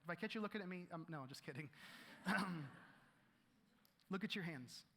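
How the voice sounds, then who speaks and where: A man preaching a sermon to a congregation, animated, often repeating words and acting out quotes. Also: high voice, moderate pace, a little hiss or hum. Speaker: pastor. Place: church hall. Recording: live hall reverb.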